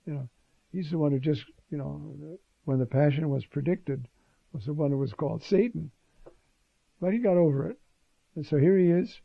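A man lectures on scripture at an unhurried pace, dropping in "uh" and "you see" as he goes. His voice is on the higher side, with a gravelly, husky texture. The recording is dull and lo-fi, with a dry sound. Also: no echo. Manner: conversational, frequent "uh" and "you see". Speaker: Bible teacher.

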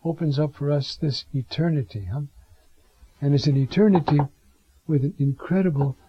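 A man gives a Bible teaching in a slow, unhurried way, full of rhetorical asides. His voice is husky and sits a little high, and the recording is dull and lo-fi. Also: no echo. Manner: reflective, rhetorical asides, drawn-out Greek phrases. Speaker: preacher teaching scripture. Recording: dull lo-fi sound.

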